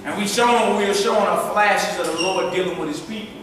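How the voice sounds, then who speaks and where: Excited high-voiced man teaching scripture. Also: fast, very echoey, in a large hall, recorded from a distance, background noise. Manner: casual street slang, excited, urging the reader on. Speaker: teacher leading a scripture study. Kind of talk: animated scripture commentary.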